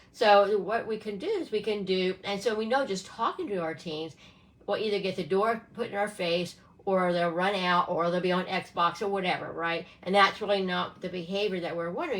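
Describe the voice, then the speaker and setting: A middle-aged woman speaks in a fairly low voice during a casual live session. She coaches parents in an earnest, searching way, restarting her phrases and checking in with "right?" as she talks. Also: fairly bright tone, low-quality recording.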